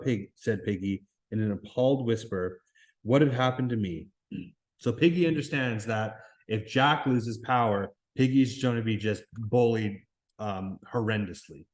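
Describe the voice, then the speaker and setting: Reading a novel aloud in class, a man speaks in a fairly low, unhurried voice. He occasionally stops to offer explanations and restarts at points, in the style of a classroom read-aloud with commentary.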